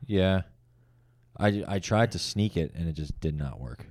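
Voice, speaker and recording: A man's voice: low-pitched, lively intonation, measured pace, darkish tone, dry recording. A man hosting a podcast, rambling loosely in casual chat and tripping over his words. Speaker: comedian podcast host.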